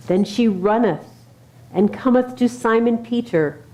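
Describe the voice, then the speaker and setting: Calm woman minister reading scripture. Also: on the high side. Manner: calm and measured, formal when reading. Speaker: minister leading a service.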